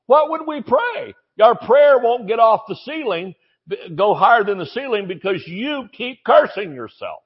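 A high-pitched man preaches a sermon. He talks in a folksy, joking way and leans hard on key lines. The recording sounds dull and lo-fi. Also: big pitch swings, normal speed, husky.

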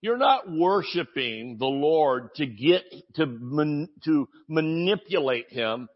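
A man preaches with a lively, swinging voice that sits a little high, breaking into shouts and joking asides. The audio is dull and lo-fi. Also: slow pace. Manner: animated preaching, shouting exclamations, asides and jokes. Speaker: pastor. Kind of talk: sermon.

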